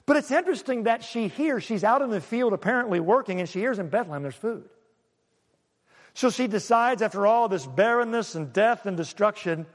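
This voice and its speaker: A man preaching a sermon, swinging between loud and hushed and asking the congregation questions. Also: sits high, big-room sound. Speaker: pastor.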